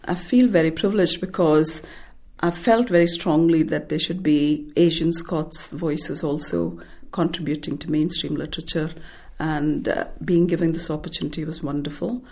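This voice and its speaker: A woman from India, an author, talking about her short story and then reading it in a measured, thoughtful way. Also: low-pitched, fairly even intonation, darkish tone.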